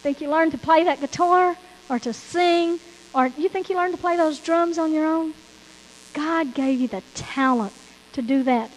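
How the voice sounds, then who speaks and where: A woman's voice: high-pitched, moderate pace, big-room sound, low-quality recording. A woman preacher delivering a sermon, emphatic and repetitive, often quoting scripture.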